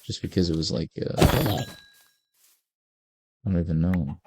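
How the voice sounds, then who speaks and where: A man's voice: sits low, measured pace, pauses often, dark tone, breathy edge, no echo. A man in his forties giving casual, rambling gameplay commentary with laid-back, self-mocking asides. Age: 40s. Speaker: gaming video creator.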